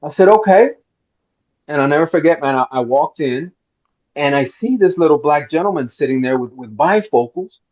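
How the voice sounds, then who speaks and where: A middle-aged man from Miami, fairly high-pitched, spins a long story at a roundtable and slips into the voices of the people in it. The sound is a little dull and lo-fi. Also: brisk. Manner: animated storyteller, acts out quotes. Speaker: actor guest.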